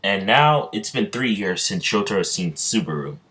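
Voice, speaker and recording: Low-voiced guy, casual fan-story narrator, rambling and halting. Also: lively intonation, bright, forceful tone. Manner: rambling, many fillers and restarts.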